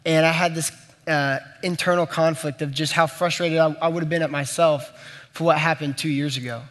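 A man's voice: on the high side, fairly even intonation, brisk, a bit bright. A young man preaching, telling a personal story in a conversational, earnest way and speaking straight to the room. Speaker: pastor. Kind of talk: sermon storytelling. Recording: long hall reverb.

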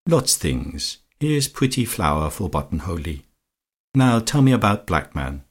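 A man's voice: deep voice, sing-song, measured pace, slightly rough, exaggerated voice. A man reading aloud and voicing a domineering middle-aged society lady who uses affected baby talk and Italian endearments.

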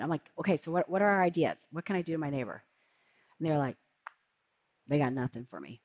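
A woman in her forties preaching a sermon and telling a personal story in a lively, chatty way. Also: low voice, fast talker, pauses often.

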